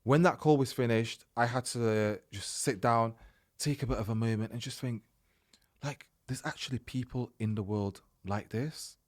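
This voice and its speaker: A man hosting a podcast, telling a personal story in a casual, animated way and acting out the dialogue. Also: mid-range voice, normal speed. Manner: animated, retells events by acting out quoted dialogue. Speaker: podcast host.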